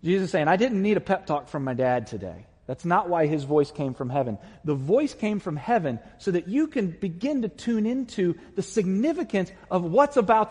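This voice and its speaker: A male pastor giving an impassioned sermon, building to loud, emphatic peaks. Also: high voice, husky, big-room sound. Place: church sanctuary.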